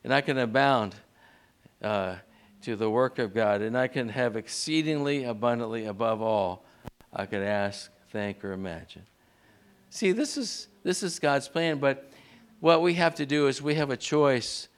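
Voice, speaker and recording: A man preaching a sermon in a church, leading the congregation in call-and-response and pushing his pitch up sharply on key words. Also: measured pace, clear, resonant tone. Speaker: pastor.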